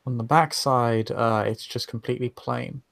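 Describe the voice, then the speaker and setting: A man narrating as game master of a tabletop game, halting and full of filler sounds. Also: medium pitch, fairly even intonation, vocal fry, a bit bright, no echo.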